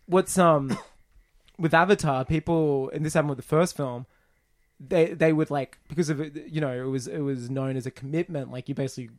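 A young man rambles through a casual film chat, his voice sitting fairly high for a man. He trips over restarts and chuckles at his own jokes as he goes. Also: fairly even intonation, normal speed. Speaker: podcast co-host.

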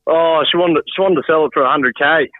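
A man's voice: fairly high pitch, fairly quick, crowd noise. An easygoing man from Queensland with an Australian accent, chatting as a caller on a podcast. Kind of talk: casual phone chat. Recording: tinny phone line, dry.

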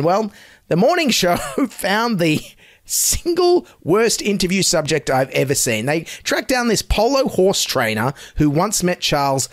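A man's voice: on the high side, no echo, studio quality. A man hosting a satirical news comedy show, mocking the coverage with sarcastic, exaggerated incredulity.

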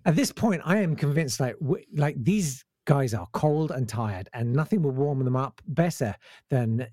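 A man's voice: medium pitch, animated, unhurried, mellow, no room sound, clean studio sound. A man who tells a comic story in casual chat and acts out the voices.

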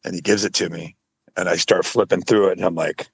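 A man's voice: a little fast, creaky, husky, no echo. A man co-hosting a podcast, telling stories in casual chat and acting out what others said. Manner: animated storyteller, acts out others in high voices. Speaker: podcast co-host.

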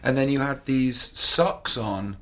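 A man's voice: medium pitch, takes it slowly, fairly bright tone. A man from northern England with a Stoke accent, chatting playfully as a podcast guest and telling jokey stories. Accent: Stoke-on-Trent. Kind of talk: casual chat.

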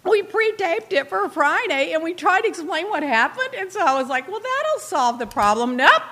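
A woman in a casual chat, telling a story in an animated, indignant way with quick asides. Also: extremely high pitch. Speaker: guest recounting reality show events.

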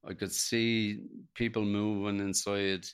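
A middle-aged Irish man, a podcast guest, telling an emotional personal story in a halting way, acting out what others said to him. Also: fairly low pitch, flat delivery. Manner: gravelly, halting, retells dialogue in quotes.

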